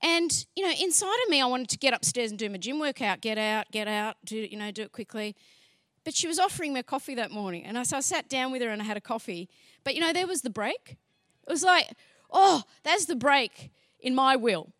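High-voiced woman telling a lively testimony. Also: fast, no room sound, clean studio sound. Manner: lively, acts out dialogue, laughs often. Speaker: speaker sharing a faith testimony. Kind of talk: animated storytelling testimony.

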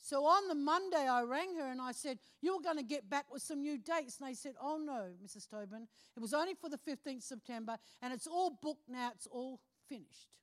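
A woman's voice: high voice, moderate pace, few pauses. A middle-aged woman preaching a personal testimony, telling her story with animation, acting out phone calls in other voices and often breaking into laughter. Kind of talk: testimony from the pulpit.

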